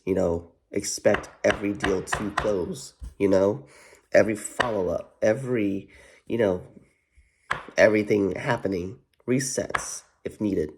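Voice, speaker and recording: Rambling male vlogger, low and gravelly, swears freely, loops on fillers. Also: a little mellow. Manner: rambling, heavy filler "you know what", profane, repeats himself. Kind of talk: casual rambling commentary.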